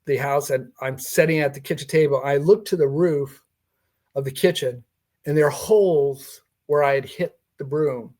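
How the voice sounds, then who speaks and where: A man's voice: on the high side, normal speed, a little mellow. An older man telling a personal story in a podcast interview, acting out the dialogue and chuckling as he goes. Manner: recounting a personal encounter with quoted dialogue and chuckles. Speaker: guest.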